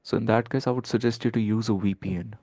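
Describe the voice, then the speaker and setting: A man's voice: lowish voice, fairly even intonation, fast, dark tone, slight background noise. A man coaching a group on a call, loose and filler-heavy, checking in with "okay" and "right". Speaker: outreach coach.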